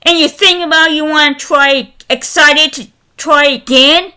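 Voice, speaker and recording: A woman with a high, bright voice rants angrily to camera, stumbling and restarting her sentences. She speaks slowly and deliberately despite her fury. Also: fairly even intonation. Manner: furious, halting, with many restarts. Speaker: vlogger. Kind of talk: angry ranting vlog.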